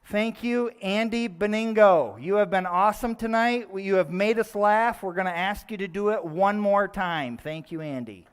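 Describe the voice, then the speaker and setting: A man's voice: sits high, moderate pace, hardly any pauses, clear, resonant tone. A man emceeing a school fundraiser, upbeat and encouraging as he gives updates. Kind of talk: live event announcing.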